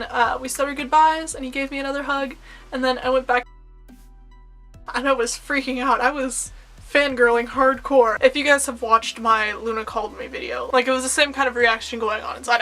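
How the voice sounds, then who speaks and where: Excitable high-voiced woman vlogger. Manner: excitable and rambling, many fillers like "like". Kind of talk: casual storytelling vlog.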